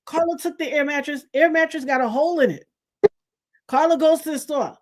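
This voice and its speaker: A woman hosting a livestream, telling a funny story in an animated, preachy way and laughing often. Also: sits high, fairly quick. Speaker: livestream host. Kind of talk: lively storytelling chat.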